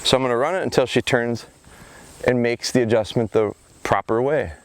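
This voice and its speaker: A man explaining dog training drills out in a rural field, switching between calm explanation and short commands and praise. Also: medium pitch, normal speed, clear, resonant tone, dry recording. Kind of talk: outdoor training vlog, explaining while working the dog.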